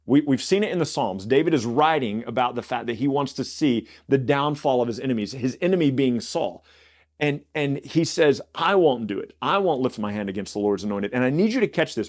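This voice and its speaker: A man's voice: medium pitch, darkish tone. Man casually teaching a Bible passage. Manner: reads scripture aloud, then explains it conversationally with restarts. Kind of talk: casual Bible study reading and commentary.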